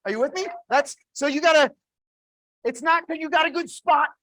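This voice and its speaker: Energetic woman sales trainer telling stories. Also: sits high, moderate pace. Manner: energetic storytelling with frequent restarts. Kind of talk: motivational sales talk with retold conversations.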